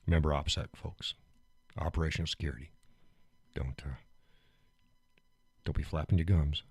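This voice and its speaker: A man's voice: rumbling low, fairly even intonation, normal speed, darkish tone, husky, no echo. A man hosting a live stream, chatting casually, joking, laughing often and getting worked up as he rants.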